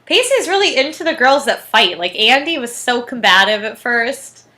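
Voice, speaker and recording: A woman's voice: on the high side, big pitch swings, normal speed, sharp tone, rough recording. A young woman co-hosting a podcast, chatting casually and giggling as she recaps an episode. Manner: giggly, lots of fillers and laughs. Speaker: podcast co-host.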